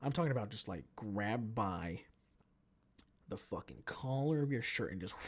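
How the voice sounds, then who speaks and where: A man in his twenties hosting a podcast, telling a story as a profane, animated casual rant. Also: on the low side, breathy edge. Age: 20s. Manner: animated, profane, jumps between mumbling and shouting. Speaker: podcast host.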